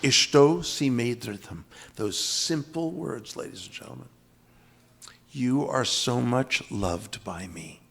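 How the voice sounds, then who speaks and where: Lecturing on scripture with drama and emphasis, an older East Coast spiritual teacher repeats key phrases to give them weight. His mid-range voice is animated, gravelly and a bit breathy, and he speaks slowly.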